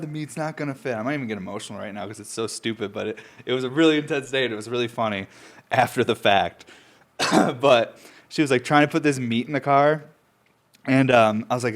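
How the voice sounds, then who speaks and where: A young man from upstate New York, stoned and sniffling, rambles through stories on his own podcast at a mid-range pitch. He coughs now and then and swears freely, drifting from one story to the next in a loose, unscripted way. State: stoned, runny nose. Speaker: podcast host. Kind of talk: casual rambling monologue.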